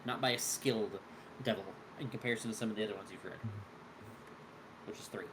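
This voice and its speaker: A man's voice: fairly low pitch, fast talker, noisy background. A man running a tabletop game, explaining the rules in a loose, rambling way full of fillers. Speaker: game master.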